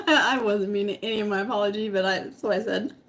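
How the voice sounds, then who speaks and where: A woman's voice: medium pitch, a little fast. A middle-aged woman vlogger telling a story to her live chat, laughing often and eating as she talks. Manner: giggly, laughs often while talking; eating while talking.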